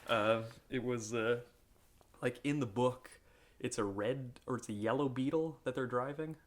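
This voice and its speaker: A man's voice: medium pitch, measured pace. This is a man from upstate New York co-hosting a film podcast. He talks in a loose, rambling way, swears freely and laughs often while he retells movie trivia. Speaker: podcast co-host. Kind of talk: casual film chat.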